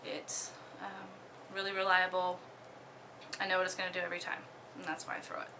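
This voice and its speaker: A young woman from Oklahoma casually talking through her disc golf bag, relaxed, with many ums and the odd giggle. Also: lowish voice, a little fast, very noisy. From Oklahoma, USA. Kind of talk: casual show-and-tell.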